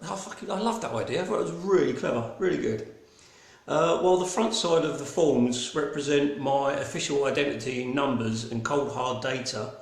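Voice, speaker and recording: Speaking in a mid-range voice that echoes around the room, a broad Cockney man hosts an online gallery private view. It's a casual live-streamed gallery talk, rambling with ums and restarts and plenty of cheerful swearing.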